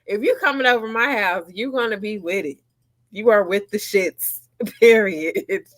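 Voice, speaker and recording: A woman's voice: medium pitch, measured pace. A woman co-hosting a casual chat show, blunt and emphatic, often laughing. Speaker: podcast co-host.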